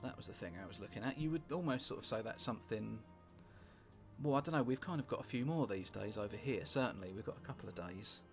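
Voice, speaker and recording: A British man casually commentating on a strategy game he is playing, rambling and wry, with sweary asides and thinking out loud. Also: on the low side, expressive, fast. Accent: British English. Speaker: gameplay commentator. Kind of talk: casual let's-play commentary. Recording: music playing underneath.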